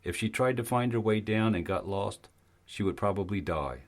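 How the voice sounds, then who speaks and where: A man narrating an audiobook in a steady, even storytelling manner. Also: on the low side, moderate pace. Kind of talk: scripted narration.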